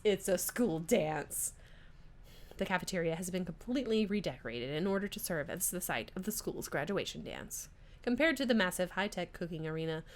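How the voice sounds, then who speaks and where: A woman streamer reading a dating game aloud in a giggly, playful way. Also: lowish voice.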